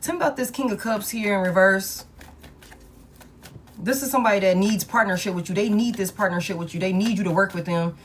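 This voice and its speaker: A woman's voice: medium pitch, fairly quick, a little hiss or hum. A woman giving a casual tarot reading, talking bluntly and with profanity, and repeating key lines for emphasis. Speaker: tarot reader.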